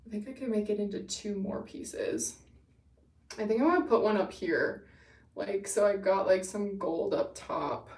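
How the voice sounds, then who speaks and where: A woman's voice: mid-range voice, unhurried, darkish tone, recorded from a distance, slight background noise. A young woman hosting a casual livestream, bubbly and gushing as she chats with viewers, a little winded. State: winded from running. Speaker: livestream host. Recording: echoey room, away from the mic.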